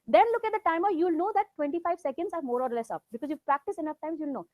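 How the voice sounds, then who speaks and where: High-pitched Indian woman coaching a class. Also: very fast, a little mellow, no echo. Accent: Indian English. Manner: instructive, coaxing students to try. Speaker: exam coaching teacher. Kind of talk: classroom coaching mixing English and Hindi.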